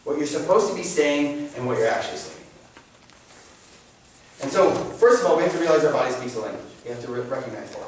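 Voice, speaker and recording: A man giving an informal faith talk to a class, animated and joking, often restarting his sentences. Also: fairly high pitch, fast, a little hiss or hum. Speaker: catechism class presenter. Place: church meeting room. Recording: very echoey room, mic at a distance.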